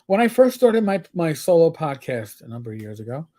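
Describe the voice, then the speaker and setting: A man's voice: on the high side, big pitch swings, a little fast, dark tone. An older man with a New York accent co-hosting a live stream, talking candidly in a rambling, swearing way. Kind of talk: casual live-stream chat.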